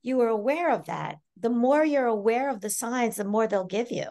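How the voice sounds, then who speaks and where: A middle-aged woman speaks as a guest on a casual podcast. Her voice has a gravelly, fry-touched edge. She talks animatedly, laughs often and acts out the voices she quotes. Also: on the high side, animated, moderate pace, darkish tone. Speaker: psychic medium guest.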